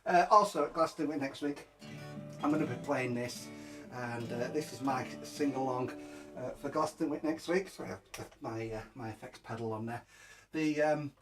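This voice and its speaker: A man's voice: mid-range voice, normal speed, far from the mic. A man hosting a live music show, chatting casually, laughing often and stumbling over fillers and restarts. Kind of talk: casual live-stream chat. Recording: guitar playing behind the voice. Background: guitar music.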